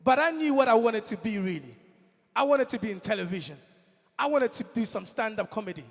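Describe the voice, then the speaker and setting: Young male comedian from Congo, gravelly high voice, stage host in a reverberant hall. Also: fairly quick. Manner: animated, addresses the crowd directly. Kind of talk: stand-up storytelling at a live event. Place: large event hall, on stage.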